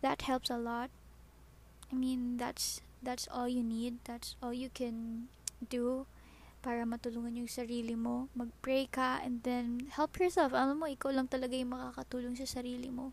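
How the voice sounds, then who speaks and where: A woman with a Filipino accent hosting a podcast, talking softly and rambling as she switches between English and Tagalog and calls the listener "baby.". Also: a little high, flat delivery, normal speed. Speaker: podcast host. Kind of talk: personal podcast monologue.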